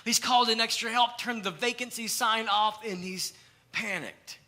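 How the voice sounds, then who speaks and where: A young adult male pastor, preaching a sermon with animated storytelling and acted-out quotes. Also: sits high, moderate pace.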